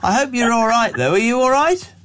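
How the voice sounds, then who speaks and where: A man's voice: very high-pitched, lively intonation, brisk, background noise. A man, hosting a breakfast radio show in a brash, joking, blunt way. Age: 60s. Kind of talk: casual radio chat. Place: radio studio.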